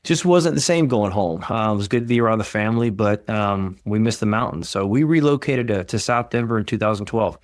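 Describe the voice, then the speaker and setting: A man's voice: fairly low pitch, animated, fairly quick, hardly any pauses, dry recording, clean studio sound. A middle-aged man from Southeast Texas with a Texan accent, a neurosurgeon guest telling his story in a friendly, self-deprecating way. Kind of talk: casual interview.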